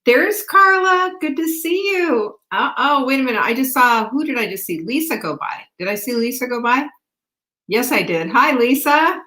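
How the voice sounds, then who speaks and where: A woman hosting a live show, chatting brightly and greeting viewers by name. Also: high voice, lively intonation, moderate pace. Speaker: host. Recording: roomy echo.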